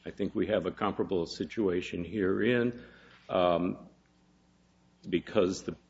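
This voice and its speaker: A man presenting an oral argument in a courtroom as an appellate attorney, formal and measured with some hesitant fillers. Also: deep voice, steady tone. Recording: dull lo-fi courtroom audio.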